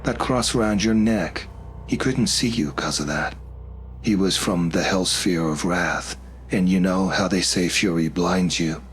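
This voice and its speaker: A man's voice: low-pitched, a little slow, slight background noise. A man voicing a reckless, cheerful young man who dabbles in black magic, talking in eager, rambling bursts.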